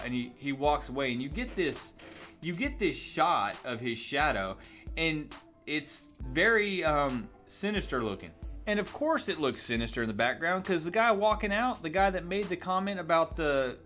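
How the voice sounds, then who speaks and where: Lively guy chatting through a comic preview, kinda highish voice, faint music behind. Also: normal speed. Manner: chatty, animated, self-deprecating. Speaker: comic book reviewer. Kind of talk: casual video review.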